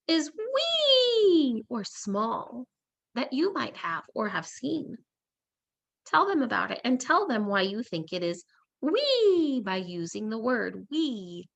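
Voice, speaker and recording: Slow, animated woman teacher reading aloud. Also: medium pitch, creaky. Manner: expressive storytelling, asks the listener questions. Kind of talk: reading a story aloud in a lesson.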